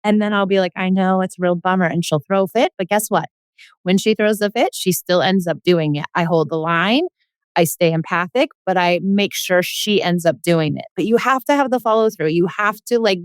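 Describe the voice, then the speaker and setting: A woman's voice: fairly low pitch, no echo, studio quality. A woman hosting as a parenting coach, talking earnestly and directly and acting out little scenes with children. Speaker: parenting coach and podcast host. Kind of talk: coaching conversation.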